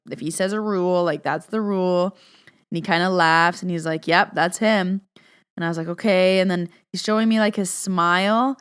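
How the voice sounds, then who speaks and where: Chatty young woman with a smooth voice. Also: mid-range voice. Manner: chatty, says "like" constantly, animated retelling. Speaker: podcast host and medium. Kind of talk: casual storytelling.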